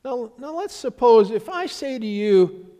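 A man's voice: extremely high pitch, lively intonation, a little slow, mellow, in a large hall. A middle-aged man preaching a sermon as pastor, telling stories in a conversational way with voices for the people he quotes. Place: church sanctuary.

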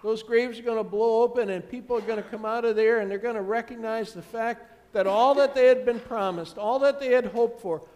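A man's voice: very high voice, steady tone, brisk, few pauses, darkish tone, big-room sound, lo-fi sound. A man, a pastor, preaching a sermon with emphatic, building repeated phrases.

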